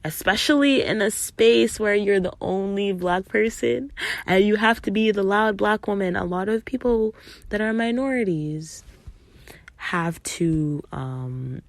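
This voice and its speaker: A woman's voice: medium pitch, unhurried, creaky, no echo. A young adult woman hosting a podcast, telling a story in a casual, emphatic way, swearing freely and acting out what people said. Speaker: podcast host.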